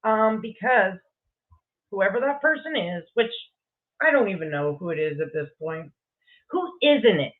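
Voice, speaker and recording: A woman's voice: mid-range voice, expressive, unhurried, long pauses. A woman co-hosting a livestream, talking in a crude and combative way. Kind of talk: casual ranting livestream chat. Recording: tinny phone-like call audio.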